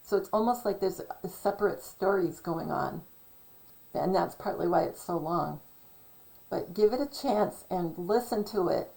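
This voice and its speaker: A woman's voice: on the low side, a little slow, vocal fry, mellow, poor audio. Chatty woman rambling on her channel. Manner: chatty, self-correcting, digressive. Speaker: channel host. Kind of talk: casual rambling monologue.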